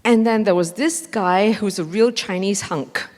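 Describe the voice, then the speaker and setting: A woman's voice: mid-range voice, a little slow. Woman telling a story in a reverberant hall. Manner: animated, acts out dialogue with laughs. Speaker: mindfulness trainer giving a conference talk. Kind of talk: storytelling lecture. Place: large conference hall.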